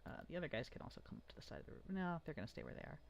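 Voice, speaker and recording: Lively game master narrating combat. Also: medium pitch, racing, a little hiss or hum. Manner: animated, playful narration.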